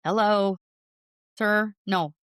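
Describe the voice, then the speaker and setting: A woman's voice: mid-range voice, steady tone, very slow, a bit bright, clear, resonant tone, no room sound, clean studio sound. A woman podcast co-host in casual chat, often chiming in to agree and giving blunt opinions.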